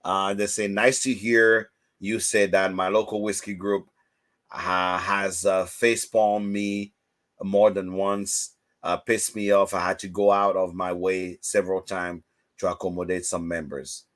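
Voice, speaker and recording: A man hosting a casual livestream chat, telling stories with lively, loud acted-out quotes. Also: deep voice, measured pace. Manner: animated storytelling, acts out quotes loudly. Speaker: host.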